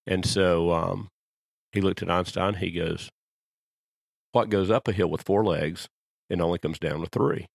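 A man's voice: low-pitched, steady tone, a little slow, gravelly, pauses often, no echo. A man co-hosting a podcast, chatting casually and telling long rambling stories. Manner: rambling storyteller. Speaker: podcast co-host. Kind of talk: casual chat.

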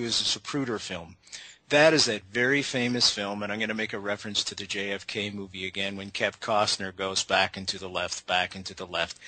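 A man's voice: on the low side, bright, forceful tone, slightly rough, no room sound, poor audio. A male talk show host who breaks in to explain background directly to his listeners.

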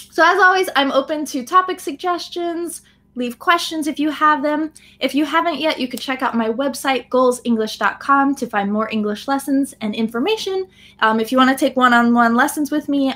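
This English teacher speaks at normal speed in a high, slightly bright voice with an American accent. During her live online lesson she explains phrases, says "um" often, and keeps checking in with "right?".

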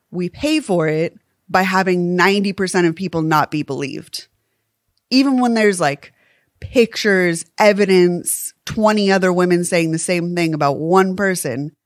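A woman's voice: medium pitch, no room sound, studio quality. A woman co-hosting a true crime podcast in casual chat, impassioned and swearing freely. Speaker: podcast co-host.

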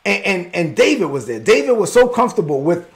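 A man pastor preaching a sermon in a lively, conversational way with bits of slang. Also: sits high, a little fast.

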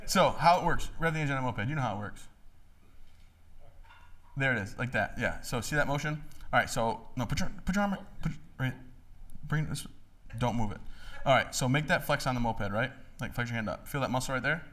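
Brief: man in his thirties, comedic speaker before an audience, animated and joking. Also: medium pitch, a little fast. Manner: joking, animated, acts out voices. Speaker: motivational speaker. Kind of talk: comedic talk to a live audience. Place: hall with live audience.

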